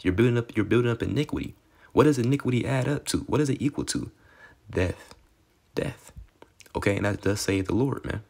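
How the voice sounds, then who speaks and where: A man with a very low, gravelly voice preaching a casual street-style sermon. He reads scripture and then riffs on it in a loose, conversational way, peppering his lines with "okay" and "man." He gets excitable and sometimes drops to a low murmur. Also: quick pace.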